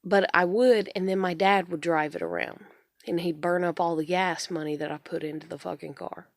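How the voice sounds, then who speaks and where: Thirty-something woman, gravelly, lowish voice, rambling and frustrated, cursing a lot, dry close sound. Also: expressive, normal speed, dry recording. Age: 30s. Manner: frustrated, swears often, rambling. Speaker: vlogger. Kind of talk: casual venting monologue.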